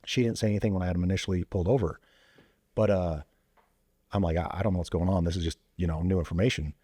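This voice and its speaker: Deep mellow guy telling an old police story, lots of "you know", acts out the voices. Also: quick pace, slightly rough, dry recording. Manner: acts out quoted dialogue with lively voice jumps; loose, with many fillers like "you know" and "like". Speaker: guest, former police officer and Marine veteran. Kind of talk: casual storytelling.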